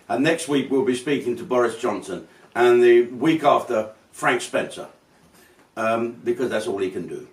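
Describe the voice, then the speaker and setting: Recorded from a distance with a roomy sound, a man of medium pitch talking at normal speed hosts his own show. He delivers a rambling comic monologue full of swearing and mock outrage.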